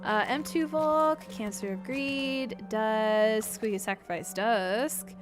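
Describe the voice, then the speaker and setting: High-voiced woman yelping over gameplay. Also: slow. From Canada. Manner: excitable, yelps and swears at the game. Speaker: streamer. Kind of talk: live gameplay commentary. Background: game music.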